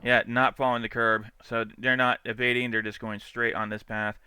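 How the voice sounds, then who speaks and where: A man's voice: medium pitch, little pitch movement, normal speed, pushed and bright, clean tone. A man doing casual live-stream commentary on dash cam clips, chatty and swearing freely. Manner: chatty, laughs often, swears freely, mimics angry drivers.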